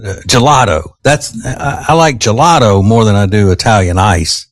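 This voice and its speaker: Chatty low-voiced radio host. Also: male voice, moderate pace, no room sound. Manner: rambling, chatty with fillers. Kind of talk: casual radio banter.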